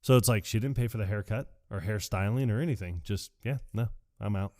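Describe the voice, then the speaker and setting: A male podcast co-host recaps a movie scene by scene in a casual, animated chat, acting out the characters' lines in quick impressions. His voice sits a little low, and the recording is close and dry with no room sound.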